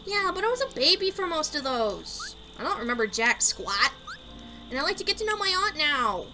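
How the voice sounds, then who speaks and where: A woman's voice: sits high, sing-song, moderate pace, music in the background, poor audio. A woman voicing an eager, curious young kid in a video game, reading the part in a raised voice. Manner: earnest and curious.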